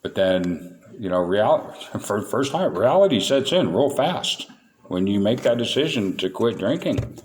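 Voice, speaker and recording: Male meeting speaker, low register, candid storyteller with self-mocking humor, faint background noise. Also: big pitch swings, unhurried. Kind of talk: recovery talk to a meeting.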